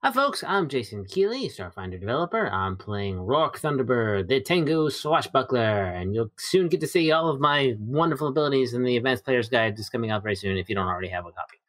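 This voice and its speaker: A man's voice: mid-range voice, animated, a little fast, hardly any pauses, a bit bright, no echo. A man introducing himself and his character on a tabletop game stream, chatty and promotional. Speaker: player. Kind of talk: casual self-introduction.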